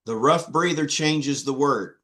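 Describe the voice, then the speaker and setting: Slow, patient male Greek teacher. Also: fairly high pitch, sharp tone. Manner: slow, patient, with many fillers and restarts. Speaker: Greek instructor. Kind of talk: online class teaching.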